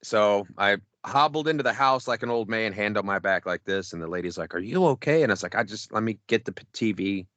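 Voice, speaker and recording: A man's voice: lowish voice, a little fast, few pauses, a bit bright, no room sound. A middle-aged man co-hosting a podcast, telling a profane, rambling story and acting out the quotes. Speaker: podcast co-host. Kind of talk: casual storytelling chat.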